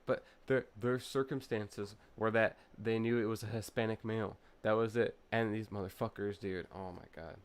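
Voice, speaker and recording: A man's voice: on the low side, steady tone, normal speed, hardly any pauses. A young man streaming a truck-driving game from his home setup, chatting casually and telling a heated, profane story. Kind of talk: casual gaming stream chat. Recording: truck engine noise from game. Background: game truck engine and road ambience.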